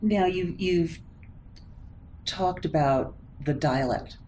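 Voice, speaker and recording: A woman's voice: fairly low pitch, slow, a little mellow, slight background noise. A woman interviewing an actor, asking questions in a friendly, conversational way. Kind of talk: casual interview.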